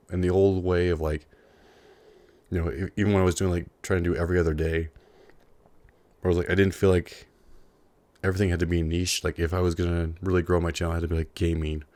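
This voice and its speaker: A man's voice: low voice, darkish tone, no room sound. A young man in a casual, unscripted vlog, rambling earnestly with lots of fillers, a little out of breath. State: slightly out of breath, chewing a cough drop. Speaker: YouTuber.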